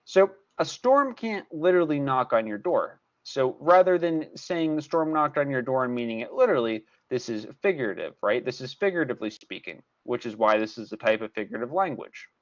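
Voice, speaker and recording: Male tutor, animated and emphatic, repeats key points; muffled lo-fi class audio. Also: mid-range voice, fairly quick, hardly any pauses. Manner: repetitive, emphatic teacher explaining step by step. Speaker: math tutor. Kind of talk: recorded class lesson.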